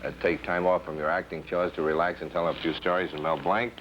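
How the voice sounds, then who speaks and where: Male host, show sign-off, very deep voice, courteous, dull old TV sound, faint hiss. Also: flat delivery, quick pace. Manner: courteous, thanks guests one by one.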